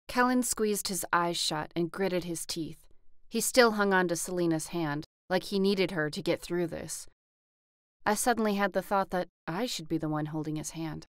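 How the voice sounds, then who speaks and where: A woman narrating a first-person audiobook with a close studio mic, acting out the dialogue by shifting her pitch and loudness. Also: normal speed, clean tone, no echo.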